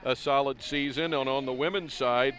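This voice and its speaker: A man's voice: medium pitch, steady tone, moderate pace, fairly bright tone. A man doing live play-by-play commentary on a tennis broadcast in an upbeat, conversational way.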